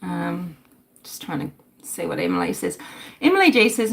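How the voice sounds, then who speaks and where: A woman's voice: medium pitch, very animated, moderate pace. A middle-aged woman, hosting a casual livestream, talking animatedly, swearing and reading out chat comments. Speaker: livestream host.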